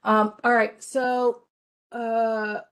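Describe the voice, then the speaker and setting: A woman's voice: fairly high pitch, little pitch movement, extremely slow, clear, resonant tone. Patient woman teaching game design. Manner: patient step-by-step explaining, checks in with students. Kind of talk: recorded screen-share lesson.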